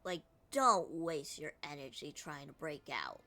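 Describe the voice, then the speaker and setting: An evil game villain, as a streamer woman reads it, hitting the first word hard and letting the rest fly out. Her voice is low and bright, slow, with faint music behind her. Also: exaggerated voice. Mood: menacing. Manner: punches the first word of each line.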